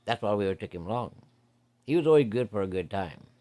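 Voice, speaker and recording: A man's voice: fairly low pitch, expressive, brisk, warm tone. A man telling a hunting story in a folksy, profane, vivid way. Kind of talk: casual spoken storytelling.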